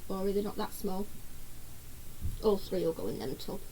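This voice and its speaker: A woman's voice: medium pitch, animated, moderate pace, dark tone, a little hiss or hum, low-quality recording. A woman chatting casually on a live stream at home and greeting viewers by name, with a cough she keeps fighting.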